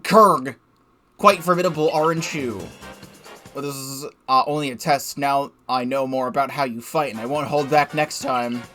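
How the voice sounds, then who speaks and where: A man's voice: medium pitch, little pitch movement, moderate pace, hardly any pauses, a bit bright, faint music behind. A young man giving casual, rambling game commentary from his desk, swearing freely and laughing at himself. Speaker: let's play gamer.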